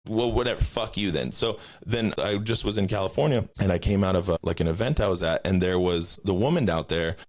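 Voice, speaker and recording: Young dude ranting on his podcast, swears a lot, lowish voice that shoots way up when he acts out what he said. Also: fairly quick, hardly any pauses. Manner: profane, animated storytelling, jumps high when quoting himself. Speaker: podcast host. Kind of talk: casual rant.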